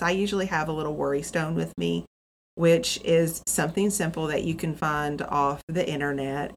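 A woman's voice: low voice, a little hiss or hum. A woman co-hosting a podcast for nursing students, giving reassuring advice in a casual, explanatory way. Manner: reassuring, explanatory, restarts mid-sentence.

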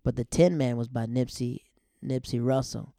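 A man's voice: medium pitch, steady tone, normal speed, gravelly, warm tone, no room sound, clean studio sound. A young man hosting a podcast, chatting loosely and laughing at his own stories. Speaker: podcast host. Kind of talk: casual storytelling monologue.

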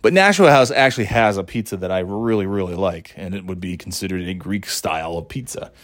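With a deep voice and brisk delivery, a middle-aged podcast host talks alone into the mic in a loose, wandering way. He swears liberally and chuckles at his own expense.

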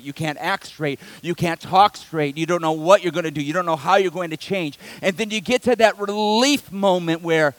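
Male preacher with a high voice and a dry, close sound; dramatic, animated storyteller who hammers points by repetition. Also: no room sound. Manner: emphatic repetition. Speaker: pastor. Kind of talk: sermon with personal story.

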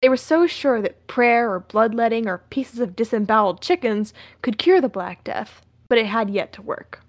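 A woman co-hosting a podcast, playful and quick to laugh, reading a narrated script aloud. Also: fairly high pitch, expressive, no echo. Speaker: podcast co-host and reader.

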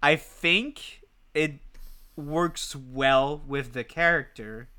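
A man's voice: fairly high pitch, extremely slow, bright, forceful tone, clear, resonant tone. A man co-hosting a podcast, talking casually and animatedly, full of fillers and swearing. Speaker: podcast co-host. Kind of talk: casual chat. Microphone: podcast mic.

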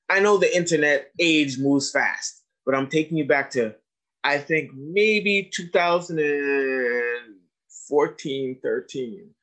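A man in his thirties giving an informal talk to educators about trauma, telling stories and acting out the voices of the people in them. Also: mid-range voice. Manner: storytelling, animated, acts out quoted dialogue.

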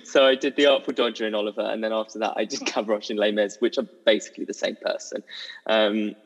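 A young man, a musical theatre performer, telling stories as a guest in an animated, giggly way. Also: lowish voice, fast. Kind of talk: casual chat. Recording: dull audio with long reverb.

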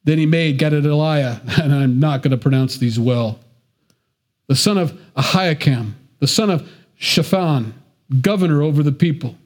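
A man's voice: a little high, moderate pace, a little mellow. A man preaching a sermon to his congregation, talking conversationally with joking asides. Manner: conversational preaching with asides and self-deprecating jokes. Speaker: pastor.

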